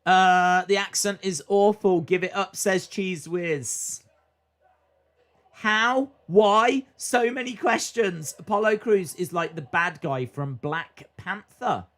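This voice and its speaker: A man's voice: sits high, slow pace, a bit bright. A man hosting a live stream, chatting casually as he reacts to a wrestling show and reads viewer comments aloud.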